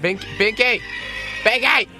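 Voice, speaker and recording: A man's voice: medium pitch, moderate pace, a bit bright, soft background music, natural voice. A man putting on a fake Russian accent as a clueless Soviet co-anchor who keeps asking baffled questions in broken English. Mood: baffled eager. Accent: put-on Russian. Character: clueless Soviet male co-anchor, eager and puzzled.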